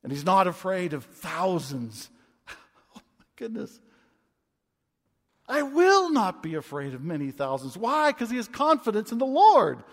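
A man in his twenties preaching a sermon as a pastor, impassioned and swinging from loud to hushed. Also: sits high, wildly swooping pitch, measured pace, long pauses. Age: 20s. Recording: long reverb of a large hall.

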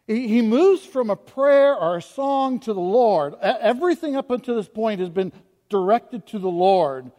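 High-voiced preacher in a reverberant hall. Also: male voice, animated, moderate pace. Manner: impassioned preaching, swings from soft to loud, repeats rhetorical questions. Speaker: pastor. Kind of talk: sermon.

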